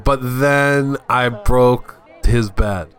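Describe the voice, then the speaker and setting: An actor playing a dim, boozy male TV star who chews on metal, talking in a slow, rambling way. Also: medium pitch, a bit bright, smooth, soft background music. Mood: dopey. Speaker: TV personality Sledge Huntley. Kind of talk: improvised comedy podcast.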